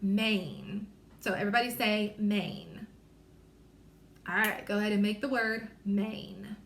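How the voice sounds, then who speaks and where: A woman reading teacher leading a small-group phonics lesson, sounding out letters slowly and carefully, encouraging and apologetic. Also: mid-range voice, fairly even intonation, fairly bright tone, roomy sound, a little hiss or hum.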